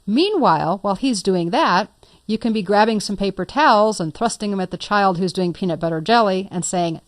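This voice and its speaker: In a screen-recorded software tutorial, a woman instructor explains each step patiently, with a light playful touch. Her medium-pitched voice moves fairly quickly, recorded at studio quality without echo.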